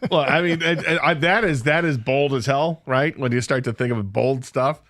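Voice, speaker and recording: A man's voice: mid-range voice, unhurried, fairly bright tone, no echo, clean studio sound. A man co-hosting a sports radio show, rambling through stories with frequent laughs. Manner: laughs often, rambling storyteller. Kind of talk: casual sports radio chat. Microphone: studio microphone.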